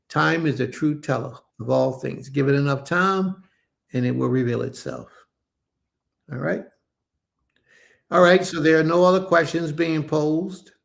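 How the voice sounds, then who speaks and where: A man's voice: medium pitch, creaky. A man leading an online religious service over a live stream, preaching casually, repeating himself for emphasis and calling his listeners family. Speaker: congregation leader.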